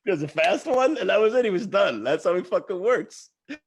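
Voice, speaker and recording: A man's voice: high voice, fairly quick, breathy edge. A man casually telling profane anecdotes, acting out the people he quotes. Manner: animated, profane, with quoted voices. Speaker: panel guest telling stories.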